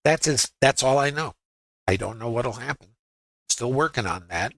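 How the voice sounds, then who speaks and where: A man's voice: mid-range voice, expressive, normal speed, a bit bright, rough recording. A man in his sixties giving live trading commentary to his viewers. He talks in a conversational way, thinks aloud with rhetorical questions and often checks that viewers are following. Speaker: futures trading educator.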